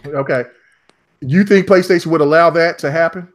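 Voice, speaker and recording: A man hosting a casual gaming podcast panel, loud and joking, with swearing. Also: on the high side, normal speed. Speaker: podcast host.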